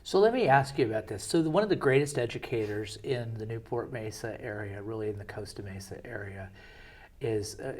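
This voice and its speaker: A man's voice: on the low side, a little fast, darkish tone. A middle-aged man hosting an interview show, asking questions and telling anecdotes in a chatty, conversational way. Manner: conversational storyteller, chatty with fillers. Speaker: show host.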